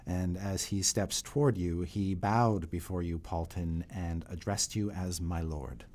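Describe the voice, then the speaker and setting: Slow, low-voiced male dungeon master. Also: fairly even intonation, darkish tone. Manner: descriptive, unhurried, with frequent pauses and fillers. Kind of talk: narrating a tabletop game.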